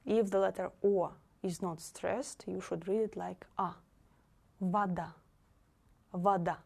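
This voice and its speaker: A woman with a Russian accent teaching a language lesson, explaining carefully and repeating example words slowly. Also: mid-range voice, steady tone, vocal fry, warm tone, husky.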